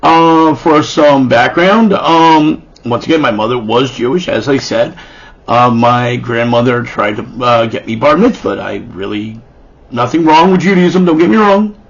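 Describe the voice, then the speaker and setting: Rambling, profane stand-up comic, husky voice. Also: male voice, mid-range voice, a little slow, muffled recording. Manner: profane, rambling, self-deprecating, stammering restarts. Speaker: stand-up comedian. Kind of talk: stand-up storytelling.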